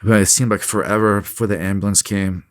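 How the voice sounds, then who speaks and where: A man recounting a painful memory in an interview, halting and restarting as he talks. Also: on the low side, little pitch movement, dry recording, clean studio sound. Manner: halting, with many restarts and fillers. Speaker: interview guest.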